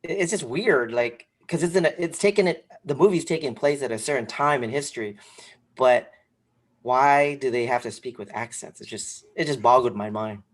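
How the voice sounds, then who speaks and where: A man co-hosting a casual podcast, talking in a rambling, animated way with lots of fillers. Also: medium pitch, normal speed. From came to this country when young. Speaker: podcast co-host. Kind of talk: casual sneaker podcast chat.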